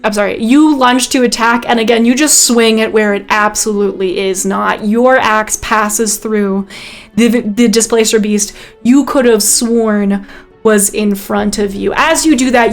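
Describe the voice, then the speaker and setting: A woman narrating as game master, describing the action vividly with frequent ums and self-corrections. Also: fairly high pitch.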